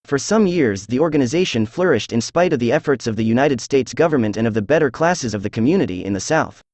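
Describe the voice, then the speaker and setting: A synthesized male voice reading a classic detective story aloud as narrator, in an even, measured manner. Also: medium pitch, no echo. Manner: even, measured text-to-speech reading of all parts.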